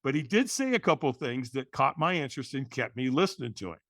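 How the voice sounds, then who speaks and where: This middle-aged man, appearing as a podcast guest, shares something from his own life in an animated way, voicing the quoted people and often starting words over. He talks fast at a medium pitch, recorded cleanly in a studio with no echo.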